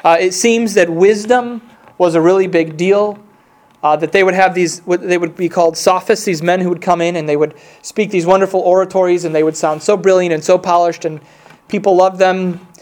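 A man's voice: high-pitched, fairly even intonation, fairly quick, darkish tone. A man preaching a sermon in an earnest, conversational way, reading scripture aloud with emphasis. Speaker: pastor.

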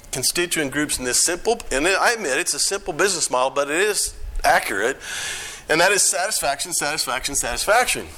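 American guy talking in church, bright tone, keeps asking the room questions. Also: on the high side. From United States. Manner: conversational, asks the audience questions. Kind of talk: church talk.

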